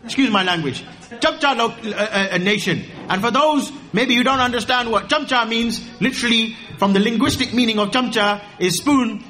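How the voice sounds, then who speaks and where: A man giving an animated sermon, joking and rising to high exclaims. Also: moderate pace. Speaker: preacher.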